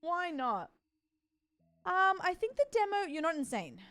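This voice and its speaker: A woman streaming a game, chatting with her viewers and reading character lines aloud in a lively way. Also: very high voice, unhurried, dry recording. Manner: animated, reads game dialogue aloud and greets chat. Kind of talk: casual game commentary.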